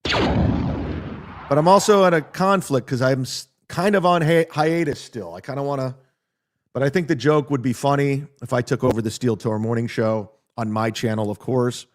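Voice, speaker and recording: A man's voice: mid-range voice, normal speed. A middle-aged man, a comedian hosting his own show, telling a story in a blunt, profane, aggrieved casual rant.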